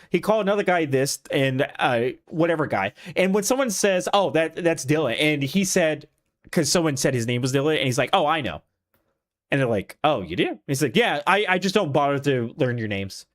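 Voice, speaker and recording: A young man telling a long, casual story with lots of restarts and swearing. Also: on the high side. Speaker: streamer. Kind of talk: casual rant.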